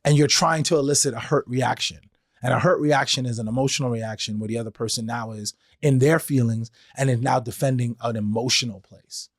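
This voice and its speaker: A man speaking a little fast at medium pitch hosts his own podcast, musing conversationally and acting out quoted exchanges as he tells them, with changing voices for each. The recording is dry, with clean studio sound.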